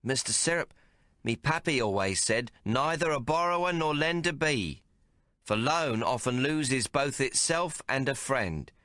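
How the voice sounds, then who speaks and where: A man doing a cheeky young con-man card sharp. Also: animated, unhurried, no echo. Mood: sly. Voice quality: high, cocky, rough colloquial speech. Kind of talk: audiobook character voice.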